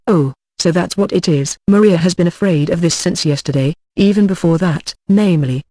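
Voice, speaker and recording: A text-to-speech voice narrating an audiobook in the first person, with a steady, even, machine-like read. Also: medium pitch, normal speed, few pauses, no room sound.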